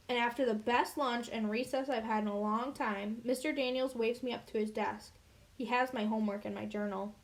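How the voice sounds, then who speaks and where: A woman narrates a children's novel in the first person. Her reading is expressive and earnest. Her voice sits a little high. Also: moderate pace. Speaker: audiobook reader.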